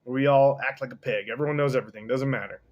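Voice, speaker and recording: A man voicing a careless, partying male pharaoh in a casual story recap, brash and dismissive, pitched a little higher and louder. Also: rapid-fire, lo-fi sound, lightly acted.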